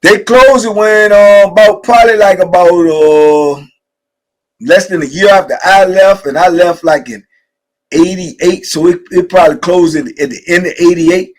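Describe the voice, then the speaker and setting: A middle-aged man, hosting and telling prison stories in a casual, animated way, acting out the people he quotes. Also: sits high, normal speed, poor audio. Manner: animated storyteller, acts out quotes, "you know what I'm saying". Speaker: host sharing prison stories. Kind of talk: casual storytelling conversation.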